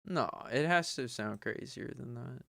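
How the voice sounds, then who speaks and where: A man's voice: mid-range voice, lively intonation, gravelly, fairly bright tone. A man streaming himself reading a book aloud, stumbling over hard words, retrying them and swearing casually. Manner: slow, halting read-aloud with stumbles, retries and casual swearing.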